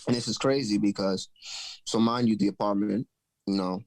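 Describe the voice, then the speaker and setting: A man hosting a podcast, telling a story in a loose, animated, profane way. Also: lowish voice, moderate pace, slight background noise, poor audio. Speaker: podcast host. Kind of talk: casual storytelling chat.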